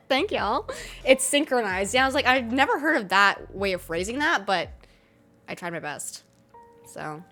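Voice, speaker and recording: A woman's voice: on the high side, big pitch swings, unhurried, pauses often, sharp tone, soft background music. Chatty young American woman streamer. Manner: chatty, laughs often, swears casually. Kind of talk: casual chat with live chat.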